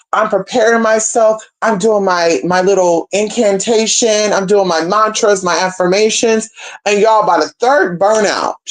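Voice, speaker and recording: A young woman telling a story to her viewers in a casual, profane, animated way, calling them y'all and girl. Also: mid-range voice. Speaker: spiritual practitioner.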